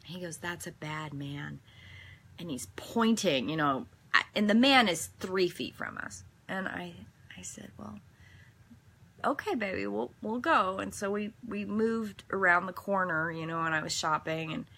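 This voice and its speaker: A woman's voice: medium pitch, expressive, normal speed, fairly bright tone. Woman, devotional host, earnest, reflective, meandering, mid-range voice. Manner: earnest, meandering storytelling with self-corrections. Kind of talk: daily devotional reading and reflective chat.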